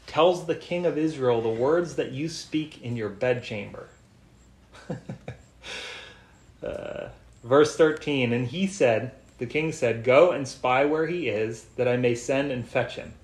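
Man preaching a Bible study, echoey room. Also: medium pitch. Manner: reads scripture aloud, then explains it in plain chatty asides.

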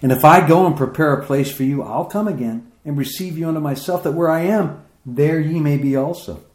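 A man preaching a sermon, reading scripture aloud and explaining it, his voice climbing higher as he presses his points. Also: a little fast, darkish tone, echoey room. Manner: reads scripture aloud then comments, rising in pitch as he grows emphatic.

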